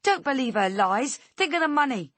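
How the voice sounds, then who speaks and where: A cruel, taunting woman captor, acted by a female narrator, her voice raised and sharp as she sneers. The sound is close and dry. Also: high voice, big pitch swings, normal speed, dry recording, voice pushed up, exaggerated voice. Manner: sneering and snapping.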